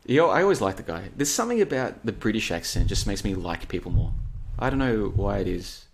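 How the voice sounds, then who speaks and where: A man's voice: fairly low pitch, big pitch swings, a little fast, vocal fry, slightly rough. A man hosting a solo late-night talk show, chatting in a rambling, digressive way and reading out listener comments. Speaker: podcast host.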